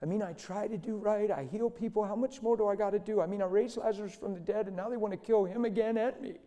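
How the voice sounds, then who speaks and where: Preacher voicing a high-pitched, aggrieved whiner; long hall reverb. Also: male voice, quick pace, warm tone, close to an everyday voice. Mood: whiny. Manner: whining, aggrieved. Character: whiny self-pitying man complaining to God.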